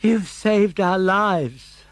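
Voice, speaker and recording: An actor voicing a brave, eager young wooden puppet boy in an audiobook. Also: very slow. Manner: high excited boyish voice. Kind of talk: audiobook character voice.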